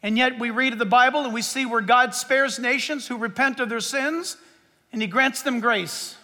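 Preaching from a stage, a man with an extremely high, pushed, bright voice speaks at a moderate pace. His sermon is fervent and emphatic, repeating phrases for stress, and the long reverb of a big hall surrounds it.

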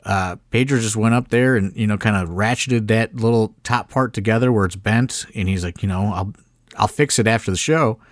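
A man's voice: on the low side, normal speed, no echo, studio quality. A man co-hosting a podcast, telling backstage stories in a rambling casual way, full of fillers and some swearing. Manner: rambling, filler-heavy storytelling with mild swearing. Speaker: podcast co-host, wrestling promoter. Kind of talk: casual chat.

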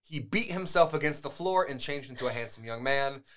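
A man's voice: mid-range voice, lively intonation, a little fast, a bit bright. A man co-hosting a podcast, reading a fairytale aloud and breaking off with wry, joking comments. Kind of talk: casual storytelling with asides.

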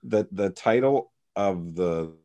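A man co-hosts a podcast in casual chat, his voice very low. He rambles and keeps restarting his sentences, scattering fillers as he goes. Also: slow pace, mellow, highs cut off. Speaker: podcast co-host.

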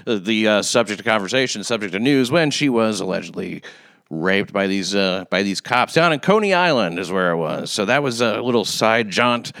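A man's voice: lowish voice, expressive, moderate pace, gravelly, a bit bright, no echo. A man hosting a podcast interview, laid-back and crude, talking with lots of fillers into a close mic. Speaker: podcast host.

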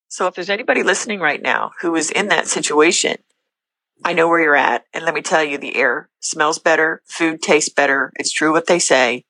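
A middle-aged woman, a podcast guest, telling her personal faith story in an earnest, candid way with quick bursts and restarts. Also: sits low, a bit bright, dry recording, rough recording.

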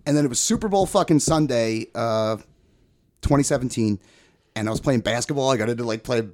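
A man's voice: medium pitch, brisk, a little mellow. A man in his forties telling a personal story in casual chat as a podcast guest, rambling, profane and often laughing.

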